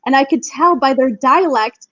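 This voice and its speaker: Young woman, podcast guest, fairly high voice, enthusiastic, filler-heavy, dry, slightly muffled audio. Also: moderate pace, fairly bright tone, dry recording. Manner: chatty, many "like" fillers, enthusiastic. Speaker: guest, Spanish teacher. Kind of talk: casual podcast chat.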